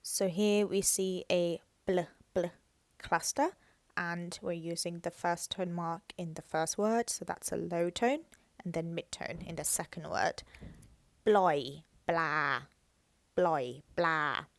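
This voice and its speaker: Slow, careful woman teaching Thai tones. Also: fairly low pitch, steady tone, creaky, dry recording. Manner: slow, careful, models each word in a louder raised voice.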